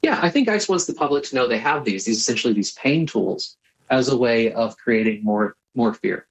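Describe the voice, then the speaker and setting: A man, a former attorney, answering news interview questions in a brisk, assured way. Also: mid-range voice, expressive, low-quality recording.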